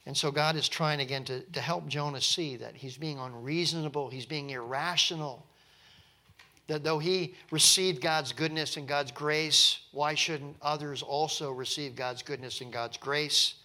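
Man, preacher, sermon, bright and forceful tone, emphatic, rhetorical. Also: a little high, steady tone, unhurried. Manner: earnest, emphatic, rhetorical questions; reads scripture in King James wording.

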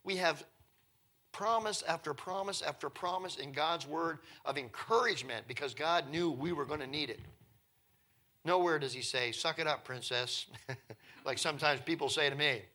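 A man's voice: a little high, moderate pace, bright, forceful tone. A man preaching a sermon as a pastor, earnest and conversational, with emphatic repetition.

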